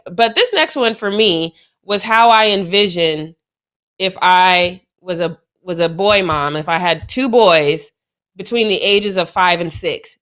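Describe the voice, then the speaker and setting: Young woman co-host, bright tone, animated and quick to laugh, sports chat. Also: on the low side. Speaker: show co-host.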